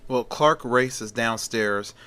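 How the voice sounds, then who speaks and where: Male storyteller, casual, rambling, bright voice. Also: medium pitch, slow pace, clean tone. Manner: rambling, with fillers and restarts. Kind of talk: casual fan story narration.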